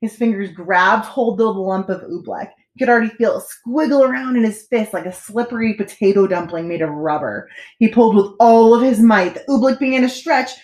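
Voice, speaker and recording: A woman teacher reading a children's storybook aloud with expressive, animated storytelling. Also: a little high, roomy sound.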